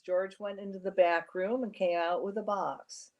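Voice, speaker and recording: A woman's voice: medium pitch, fairly even intonation, normal speed, hardly any pauses, a little mellow. Heartfelt woman reading a story aloud. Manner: emotional, heartfelt. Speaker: show host. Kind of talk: storytelling narration.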